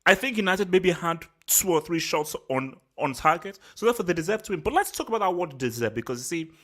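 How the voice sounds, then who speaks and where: Animated football vlogger on a rant. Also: medium pitch, fast. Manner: animated, repetitive, slangy and self-assured; worked up and angry. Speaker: football channel host. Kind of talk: solo post-match reaction rant.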